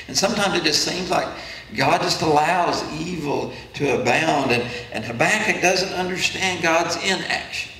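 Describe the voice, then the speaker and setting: Pastor, male, earnest preacher with a bright tone; roomy church sound, faint hiss. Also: a little high, normal speed. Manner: earnest preaching, voices the questions of the faithful. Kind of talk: sermon. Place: church sanctuary. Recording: echoey church room from far off.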